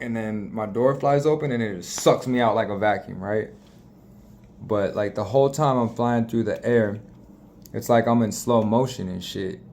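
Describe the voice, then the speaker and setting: A man's voice: fairly low pitch, vocal fry, a little mellow, a little hiss or hum. Profane rambling man telling a story. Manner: profane, rambling, restarts often. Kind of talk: casual storytime monologue.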